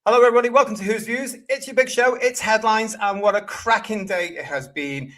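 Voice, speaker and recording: A man's voice: a little high, a bit bright. A British man hosting a live-streamed fan show, upbeat and reading out chat messages. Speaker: host.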